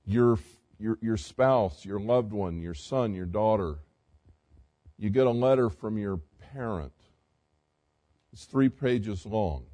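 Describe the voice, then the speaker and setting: A male pastor with a lowish voice preaches at a moderate pace, pausing often. His sermon swings between loud, emphatic passages and quiet, conversational asides, along with direct questions to the congregation.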